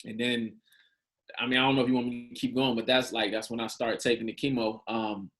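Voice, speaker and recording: A man's voice: mid-range voice, fairly quick. A man in his thirties, a podcast guest, telling his story candidly in casual slang and acting out the dialogue. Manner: animated, acts out quoted dialogue, casual slang.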